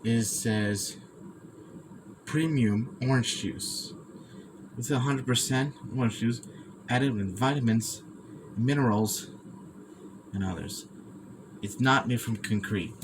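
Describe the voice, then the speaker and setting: A young man reviewing food in a casual vlog, talking haltingly, stumbling over words and repeating himself. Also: medium pitch, noisy background.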